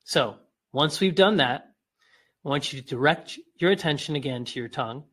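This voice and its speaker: Male instructor with a slightly high voice, calm coaching tone, stretches out the demo sounds. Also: moderate pace, breathy edge. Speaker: instructor guiding an exercise. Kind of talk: guided exercise instruction.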